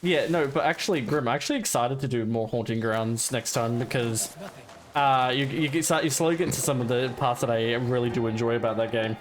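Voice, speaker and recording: A man's voice: mid-range voice, a little hiss or hum. A man streaming a stealth game, chatting casually and exclaiming readily at the action. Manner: excitable, quick to exclaim. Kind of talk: casual live-stream chat.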